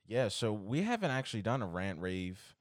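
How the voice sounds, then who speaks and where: On a casual podcast, a young male co-host with a deep, low voice rants in exasperation, swearing freely. His delivery is sing-song at a moderate pace, and the recording is dry and close with no room sound around it.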